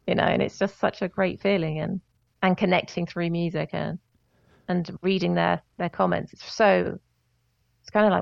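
A woman's voice: fairly low pitch, flat delivery, moderate pace, vocal fry, no echo, dull audio. A woman, a singer and vocal coach, chatting animatedly as a guest, often slipping into voices and laughter. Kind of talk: casual interview storytelling.

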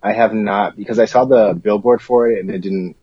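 A man co-hosting a comedic chat in a dry, deadpan and dismissive manner. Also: fairly low pitch, fairly quick, breathy edge, dry recording. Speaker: co-host. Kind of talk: campy comedic banter. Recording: dull, muffled recording.

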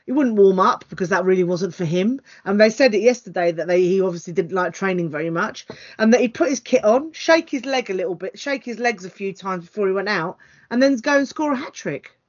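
A woman's voice: medium pitch, expressive, brisk, lo-fi sound. A woman, co-hosting a football podcast and rambling with many fillers and hesitations. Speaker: podcast co-host. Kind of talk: casual football chat.

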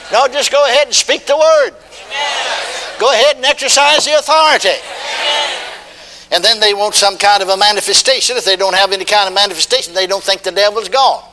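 Older guy preaching, high bright voice, keeps repeating stuff, echoey church hall. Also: noisy background. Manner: emphatic, repetitive, leads call-and-response. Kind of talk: sermon.

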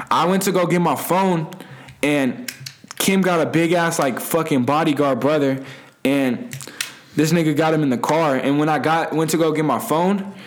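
A young man with a slightly high voice tells a wild party story in loose, profane slang. He rambles, restarts his sentences and laughs at his own tale. The delivery is casual and unpolished. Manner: laughs while telling. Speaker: guest storyteller.

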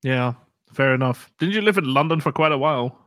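A man's voice: medium pitch, fairly quick, a bit bright, dry recording. A man co-hosting a podcast in casual chat, laughing easily and bantering playfully. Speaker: podcast co-host. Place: Munich home.

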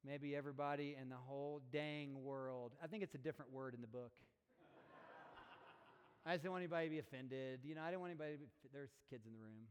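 A man preaching to his congregation in an earnest, chatty way, throwing out questions and restarting his sentences. His voice sits at an ordinary middle pitch. A long reverb trails after every phrase from a large church hall. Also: racing, pauses often, clean tone. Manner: earnest and conversational, with rhetorical questions and self-corrections. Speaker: pastor. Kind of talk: sermon. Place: church sanctuary.

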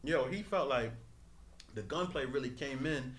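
A man's voice: medium pitch, a little slow, a bit bright, slight background noise. A man hosting a podcast, telling rambling street stories in heavy slang with lots of fillers. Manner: loose storytelling, New York slang, fillers. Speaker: podcast host. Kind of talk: casual chat.

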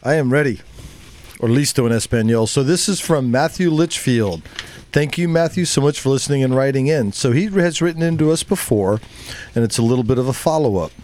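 A man's voice: medium pitch, animated, fairly quick, darkish tone. Easygoing male co-host, mid-range voice, talks through listener mail. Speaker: podcast co-host. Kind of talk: casual chat, reading listener email.

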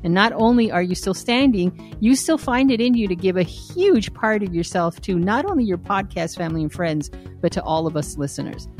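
A woman's voice: mid-range voice, normal speed, a little mellow, soft background music. A woman co-hosting a podcast, reading listener messages aloud in a wry way. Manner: laughing, wry reader. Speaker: podcast co-host.

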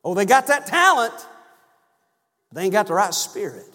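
Man, high-pitched Baptist-style preacher, emphatic and dynamic, in a reverberant sanctuary. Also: sing-song, normal speed. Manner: rising to loud emphatic cries, then dropping low and soft. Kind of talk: sermon. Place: church sanctuary. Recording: long church reverb.

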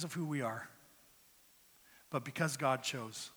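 A man's voice: mid-range voice, takes it slowly, a bit bright, slightly rough. A man preaching a sermon as pastor, earnest and conversational, often repeating words as he starts a phrase. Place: church sanctuary. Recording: long hall reverb.

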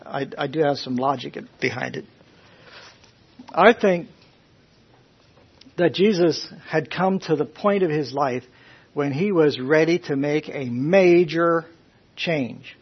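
A man preaching a conversational sermon to a Bible class, questioning his listeners in a folksy, animated way. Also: fairly high pitch, husky. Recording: dull lo-fi recording.

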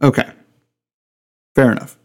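A man's voice: unhurried, darkish tone. A man co-hosting a podcast in casual chat, enthusiastic and swearing freely. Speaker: podcast co-host.

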